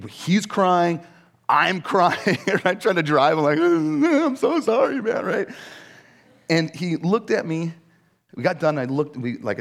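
A man in his forties, a pastor giving a conversational sermon, telling stories with frequent "right?" asides. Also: medium pitch. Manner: conversational, animated storytelling with many "right?" asides.

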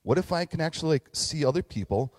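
A man in his thirties, a pastor, preaching a casual, animated story sermon and talking to the kids in the crowd. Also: on the high side, fast talker. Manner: animated, acts out voices, talks to kids in the crowd. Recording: long reverb in a large hall.

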